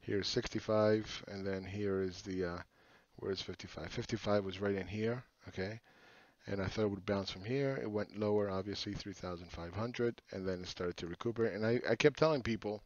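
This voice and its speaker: A man's voice: on the low side, normal speed, no room sound. Blunt, profane middle-aged man. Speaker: market commentator. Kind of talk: casual chart commentary. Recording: dull lo-fi sound.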